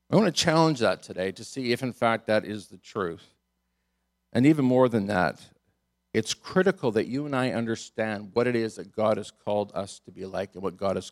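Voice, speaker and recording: With a mid-range voice, a male pastor delivers a sermon full of animation and amusement. He laughs frequently and repeats words for emphasis as he tells the story.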